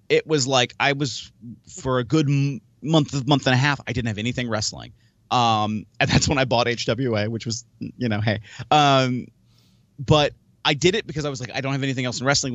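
A man's voice: medium pitch, a bit bright, no echo, dull audio. Rambling man on a podcast, dry sound. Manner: rambling, many restarts and quoted self-talk. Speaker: podcast host; wrestler and promoter. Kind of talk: casual chat.

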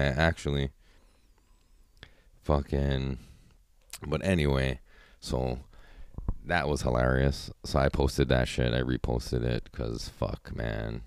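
A man's voice: a bass voice, a little slow, a little mellow, clear, resonant tone, dry recording, clean studio sound. A man hosting a solo podcast, rambling casually with constant profanity. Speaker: podcast host.

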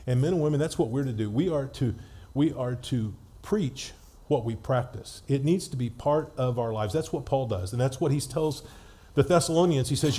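Mellow-voiced man preaching conversationally. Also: medium pitch, normal speed. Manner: conversational storytelling with frequent restarts. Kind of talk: sermon.

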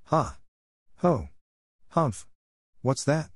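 A man reading aloud and voicing a big, grumpy old male walrus who talks in a gruff, dismissive way. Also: fairly high pitch, expressive, drawn-out words, dry recording, clean studio sound, pitched above the performer's own voice, full character voice. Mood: startled.

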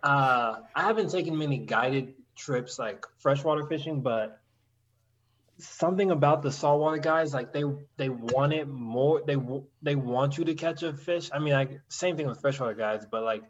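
A man's voice: mid-range voice, normal speed, dull audio. A man in casual chat, telling stories animatedly and acting out the voices of others, swearing freely. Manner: animated storytelling, acts out quoted voices, swears.

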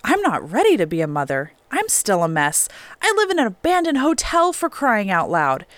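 A woman reading an audiobook, voicing a stunned young woman who protests in halting, stammering bursts. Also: mid-range voice, wildly swooping pitch, a bit bright, dry recording. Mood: flustered.

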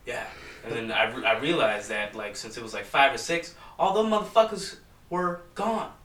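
A man's voice: medium pitch, moderate pace, a bit bright. A young man telling a rambling, profanity-filled story in casual chat with friends. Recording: echoey room from far off.

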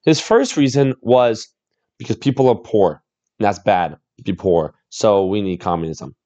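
A man's voice: fairly low pitch, expressive, moderate pace, mellow, muffled recording. A man hosting a reaction video, chatting casually, often laughing and repeating exclamations.

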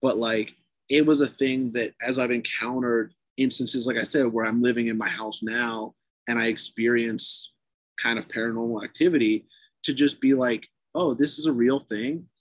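A man talks loosely and profanely, piling on fillers as he tells a spooky tale. His voice sits in an ordinary middle pitch. The sound is dry and close. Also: normal speed, dry recording. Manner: profane, animated, lots of fillers. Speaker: podcast guest. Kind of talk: casual storytelling.

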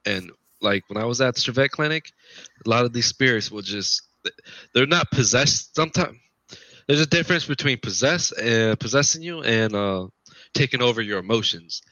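A man's voice: medium pitch, expressive, normal speed, sharp tone, dry recording. A man telling his paranormal investigation stories in a casual, rambling way, often repeating himself. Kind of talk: casual podcast storytelling. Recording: dull lo-fi podcast audio.

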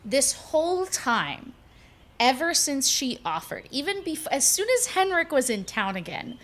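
A woman's voice: sits high, sing-song, unhurried, a bit bright. A woman acting as game master, describing scenes in a casual way with plenty of fillers.

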